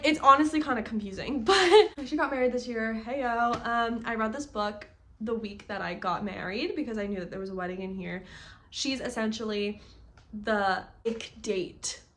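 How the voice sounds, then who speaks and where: A young woman talks through her favorite books in a casual vlog. Her voice sits a little high, and her delivery is chatty and gushing, packed with "like" fillers. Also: fairly bright tone. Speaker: book vlogger. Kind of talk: casual book review vlog.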